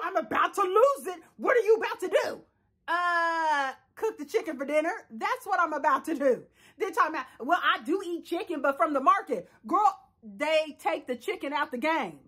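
A young woman, giving a sassy, animated casual recap of a reality show and talking straight to the viewer. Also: very high voice.

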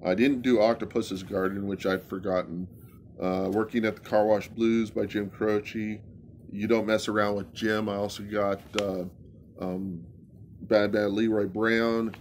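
Halting man with a slow, easy pace. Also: fairly low pitch, flat delivery, darkish tone, a little hiss or hum. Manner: rambling, halting, with many fillers. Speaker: amateur singer. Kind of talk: casual home recording, chatting between songs.

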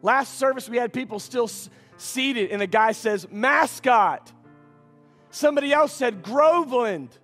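A man's voice: extremely high pitch, moderate pace, few pauses, a bit bright, faint music behind. A male pastor preaching a sermon in a church sanctuary, bantering playfully with the congregation. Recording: reverberant church hall.

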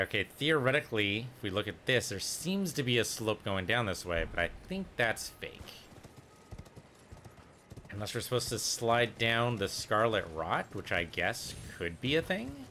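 A man with a low-pitched voice talks his way through a game session, muttering his thoughts half to himself. Game ambience and noise sit clearly under his voice. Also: very animated, measured pace, pushed and bright. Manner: muttering, thinking aloud to himself. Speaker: let's play gamer. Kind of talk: casual gameplay commentary.

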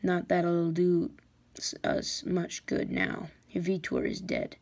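Woman voicing a weary rust-red dragon rebel, grim, low and gravelly, storybook figure. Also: wildly swooping pitch, slow, darkish tone, exaggerated voice.

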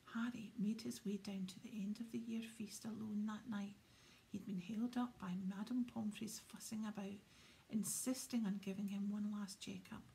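A woman reading an audiobook aloud in a soft, hushed way. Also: medium pitch, vocal fry, slight background noise. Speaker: audiobook reader. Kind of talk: audiobook narration.

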